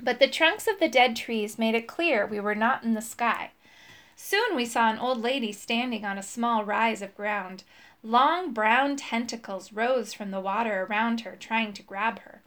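A woman narrating a children's storybook in a clear, expressive read-aloud manner. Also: a little high, unhurried. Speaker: storybook reader.

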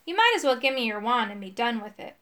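A smug, sneering villainous wizard from a storybook, as a woman reader puts him on. He drawls his mockery slowly. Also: on the high side, big pitch swings, a bit bright. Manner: sneering, slow and mocking. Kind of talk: storybook reading.

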